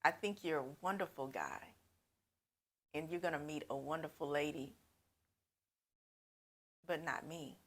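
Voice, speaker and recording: A woman's voice: deep voice, a little slow, long pauses, fairly bright tone. A woman voicing a young lesbian woman telling a man she is gay, speaking earnestly. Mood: apologetic.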